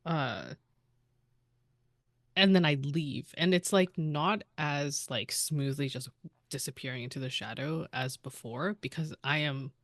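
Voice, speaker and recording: Hesitant low-voiced woman player. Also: a little slow, a bit bright, dry recording, clean studio sound. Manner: hesitant, many fillers and giggles. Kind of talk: casual tabletop game play.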